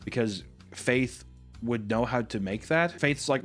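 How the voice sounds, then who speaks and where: A man casually recapping a film's plot, laughing often and acting out characters' lines in quick voices. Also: mid-range voice, animated, fairly bright tone, faint music behind. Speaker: podcast host recapping a film. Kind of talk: casual chat.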